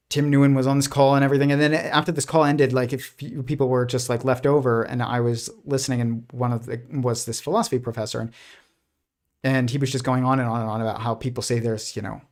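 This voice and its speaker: A man talking through his thoughts on a casual livestream, with a mid-range voice. He rambles, restarts his sentences, and leans on fillers. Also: mid-range voice. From United States. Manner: rambling, many restarts and fillers, laughs softly. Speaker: host.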